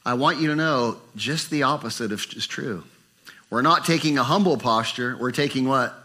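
An older man preaching a sermon, animated and acting out inner voices with rising pitch. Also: moderate pace. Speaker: pastor.

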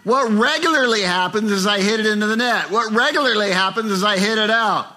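Older male pastor, bright, slightly high voice, animated sermon delivery. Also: fairly quick. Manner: animated, acts out inner voices with rising pitch.

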